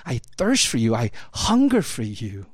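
A man preaching a sermon in a conversational way, often tagging "right?" and swinging between urgent, louder passages and hushed, intense ones. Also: mid-range voice, wildly swooping pitch, measured pace, dry recording, clean studio sound. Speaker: pastor.

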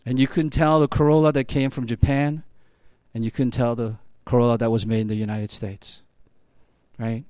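A man with a warm, smooth, mid-range voice speaks at normal speed with a flat delivery and no echo. He tells a casual story full of "like" and "you know," climbing to emphatic peaks.

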